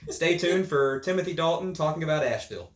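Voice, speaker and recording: A man's voice: fairly high pitch, expressive, quick pace, reverberant. A man hosting a podcast, chatting casually in a joking, rambling way. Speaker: podcast host. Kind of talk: casual chat.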